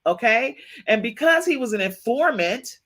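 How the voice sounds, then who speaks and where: A woman hosting a livestream podcast, reacting excitedly, repeating herself and talking to her chat. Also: a little high, moderate pace. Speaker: podcast host. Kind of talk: livestream gossip commentary.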